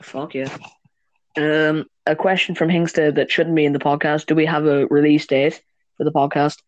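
A man's voice: fairly high pitch, flat delivery, moderate pace, no echo, highs cut off. Guy cohosting a chatty podcast, swears a ton, laughs loads, dry close mic. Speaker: podcast co-host. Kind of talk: casual chat.

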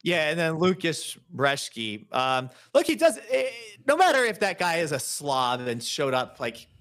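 A man's voice: on the high side, big pitch swings, measured pace, fairly bright tone. A man co-hosting a podcast who gives his fight picks in a blunt, opinionated, dismissive way. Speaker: podcast co-host. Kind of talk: casual podcast chat about fight picks.

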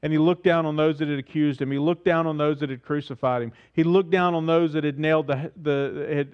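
Earnest pastor preaching, slightly high voice. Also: male voice, highs cut off. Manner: earnest, asks the listeners questions and repeats phrases for emphasis. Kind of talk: sermon.

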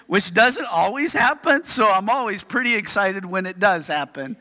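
High-voiced man preaching in an echoing hall. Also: expressive, normal speed, pushed and bright. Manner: chatty storytelling, keeps asking "right?". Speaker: pastor. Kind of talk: sermon. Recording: long reverb of a hall.

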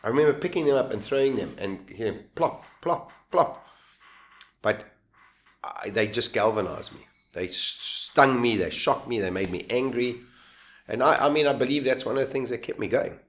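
A man's voice: mid-range voice, expressive, moderate pace. A man in his fifties telling a survival story in an interview, acting out his own words and the voices of others as he goes. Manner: vivid, acts out his own lines and voices, laughs while telling. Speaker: guest. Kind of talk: animated storytelling.

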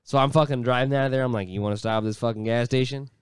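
A man's voice: medium pitch, fairly even intonation, very fast, clear, resonant tone, no echo, clean studio sound. A young man co-hosting a podcast, telling a story in laid-back, profane casual chat. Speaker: podcast co-host.

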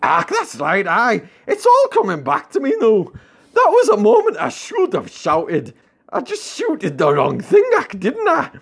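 A man's voice: high voice, wildly swooping pitch, measured pace, creaky, breathy edge, voice pushed up, exaggerated voice. A man voicing a hot-headed male football fan who bellows chants at a panto. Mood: sheepish.

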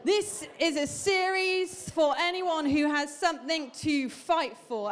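Woman pastor in her thirties, high voice, chatty humorous sermon to a church crowd. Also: takes it slowly, hardly any pauses. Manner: chatty, humorous storytelling with asides to the congregation. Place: church hall.

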